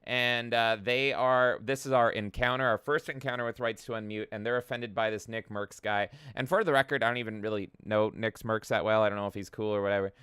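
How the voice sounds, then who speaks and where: A man co-hosts a casual podcast, chatty and animated while he reads out posts. His voice is bright and clear, with a mid pitch. The sound is dry and close. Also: fairly quick, few pauses, no echo. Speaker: podcast co-host. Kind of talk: casual chat.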